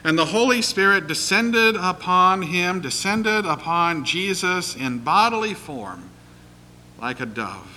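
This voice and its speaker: Slow, bright-toned male pastor. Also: high-pitched, lively intonation, poor audio. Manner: measured, deliberate rhetorical phrasing. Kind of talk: sermon.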